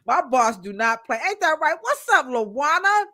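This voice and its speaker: A woman hosting a live-stream podcast in a casual, lively way, calling out viewers in the chat by name. Her voice sits a little high and sounds bright and forceful. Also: normal speed. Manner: casual, slangy American speech. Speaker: podcast co-host.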